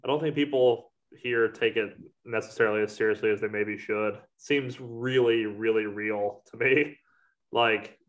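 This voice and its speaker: A man's voice: lowish voice, steady tone, unhurried, dull audio. Laid-back young man, rambling chat. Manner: rambling, swears casually, laughs often. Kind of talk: casual chat.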